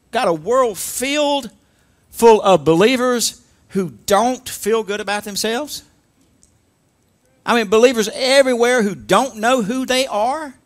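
High-voiced emphatic preacher. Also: male voice, a bit bright. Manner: emphatic call-and-response preaching. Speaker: pastor. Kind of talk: sermon.

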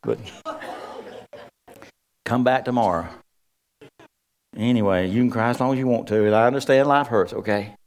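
A man's voice: mid-range voice, normal speed, long pauses, darkish tone. A middle-aged man preaching a sermon, folksy and humorous. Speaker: pastor.

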